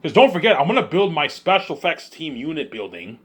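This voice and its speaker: A man rambling in an excited monologue, often repeating himself and restarting his sentences. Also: a little high, brisk, husky. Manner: excitable, repeats himself, puts on voices of others. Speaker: vlogger.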